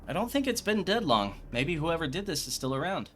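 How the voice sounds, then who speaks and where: A man's voice: fairly high pitch, very animated, fairly quick, few pauses, fairly bright tone, a little hiss or hum. A man streaming a game, making casual, joking and profane asides. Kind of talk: casual gameplay commentary.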